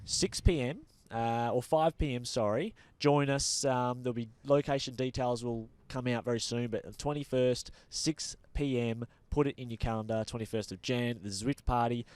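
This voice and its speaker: An Australian man co-hosts a cycling show in an energetic, chatty way, filling his sentences with ums and asides. His voice sits at an ordinary middle pitch. The sound is dry and close, with no room echo. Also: moderate pace, hardly any pauses, clean tone. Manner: energetic, chatty, lots of fillers. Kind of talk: casual sports chat.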